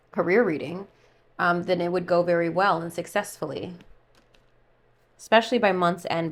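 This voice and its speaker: A chatty woman reads tarot cards for her viewers, thinking out loud as she goes. Her voice sits a little low. She drifts from card meanings into loose, casual asides. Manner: chatty, musing, thinks aloud while pulling cards. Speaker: tarot reader.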